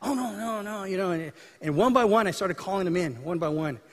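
A male pastor with a notably high voice preaches a sermon as if telling stories to friends, slipping into the voices of the people he describes. His voice rings out with a long reverb, as in a large hall. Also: animated, fairly quick. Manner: conversational storytelling preaching, acting out dialogue.

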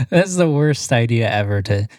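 A man's voice: mid-range voice, darkish tone, dry recording, studio quality. A man co-hosting a casual podcast, rambling and stumbling over his words. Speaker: podcast co-host. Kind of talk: casual chat.

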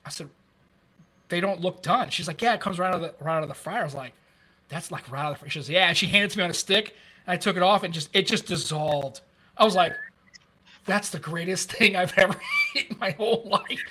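A man in his fifties tells stories in loose, casual chat, swearing freely along the way. His voice sits high and bright, and he talks quickly. He comes across as an animated storyteller. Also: breathy edge. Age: 50s. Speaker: former police officer.

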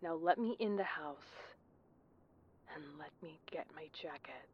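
A woman playing an obsessive caller who calmly insists on getting her jacket back. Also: low-pitched, a little slow, highs cut off, slight background noise. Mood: insistent. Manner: insistent, creepily calm.

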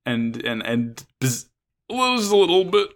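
A man's voice: on the high side, sing-song, unhurried. A man in casual chat recapping an anime episode as a podcast co-host, rambling with restarts and frequent swearing.

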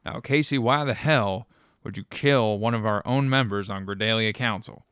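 A man's voice: fairly low pitch, moderate pace, vocal fry, fairly bright tone, dry recording, studio quality. A man voicing a menacing, commanding male council leader in a spoken story, snapping orders.

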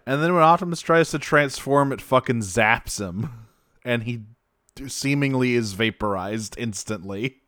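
Man, podcast co-host, casual recap, smooth resonant voice, dry sound. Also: mid-range voice, measured pace, a bit bright, dry recording. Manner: swears freely, laughs often.

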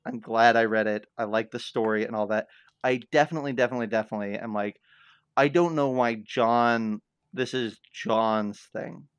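A man co-hosting a podcast in casual chat, wry and animated, piling up asides as he makes his point. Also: mid-range voice, moderate pace, smooth, no room sound. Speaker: podcast co-host. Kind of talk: casual book discussion.

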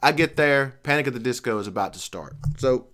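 Animated, swearing middle-aged man telling a story. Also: medium pitch, a little fast. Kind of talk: casual chat.

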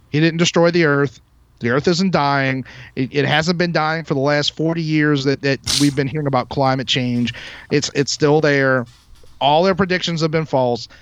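This podcast monologue is an angry, cursing tirade from a male host who hammers his points home. He talks fairly quickly in a smooth, fairly high voice, and the lo-fi sound is dull and dry without echo.

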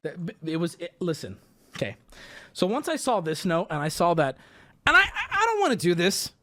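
A man streaming live, telling an exasperated story with lots of swearing and sudden high jumps in his voice. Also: normal speed. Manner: animated, indignant, swears a lot.

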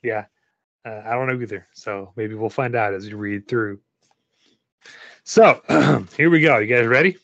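A man's voice: mid-range voice, measured pace, gravelly, long pauses, fairly bright tone, dry recording. Brief: male host, playful reader, dry close sound, a little dull and lo-fi. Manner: playful, theatrical. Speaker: podcast host. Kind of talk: casual chat and reading a story aloud.

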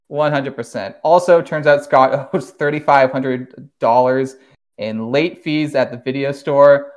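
Animated man recapping a show. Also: mid-range voice, measured pace. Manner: animated recapper, swears, laughs often. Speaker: podcast host. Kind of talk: casual podcast discussion.

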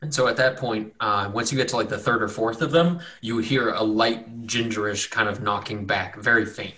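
A man's voice: lowish voice, moderate pace, sharp tone. A man narrating as game master in an easygoing, rambling way, with frequent fillers.

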